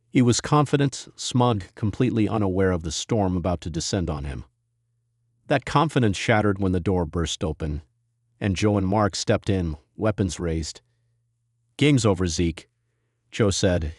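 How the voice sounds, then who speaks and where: A male storyteller reads a scripted drama in an even, measured way. His voice sits very low, and the recording is dry and close with no room sound. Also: slightly rough, dry recording. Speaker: narrator.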